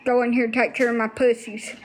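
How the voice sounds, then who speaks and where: A woman's voice: fairly high pitch, flat delivery, brisk, noisy background. Blunt woman livestreaming. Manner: blunt, swears freely, talks to viewers. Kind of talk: casual livestream chat.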